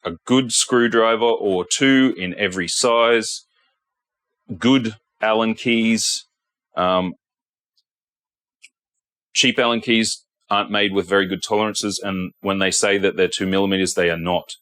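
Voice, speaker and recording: A man's voice: fairly low pitch, fairly even intonation, unhurried, fairly bright tone, dry recording. A man, a guitar technician, giving a blunt workshop tutorial and often checking in with "okay". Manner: blunt, repeats himself, says okay often.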